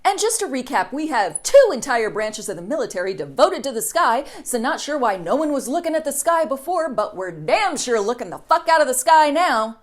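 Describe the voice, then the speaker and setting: A woman delivers a satirical news monologue with a sarcastic, snarky bite. Her voice sits a bit high and swings widely in pitch as she jokes her way through the headlines. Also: sing-song, moderate pace, hardly any pauses. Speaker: news comedy host.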